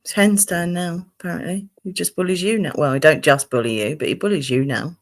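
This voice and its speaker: A woman's voice: fairly low pitch, steady tone, brisk. A sleepy woman, co-hosting a livestream and chatting casually, sighing and easily exasperated. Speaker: livestream co-host.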